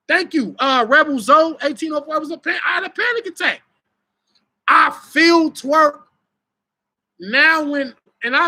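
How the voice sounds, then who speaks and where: A young adult man talks loosely on a live stream, swinging between loud bursts and low mutters as he tells his story. His voice has a bright, forward edge. He swears freely and stays animated. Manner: animated, profane, laughing storytelling. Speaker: battle rapper and host. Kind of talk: live stream casual talk.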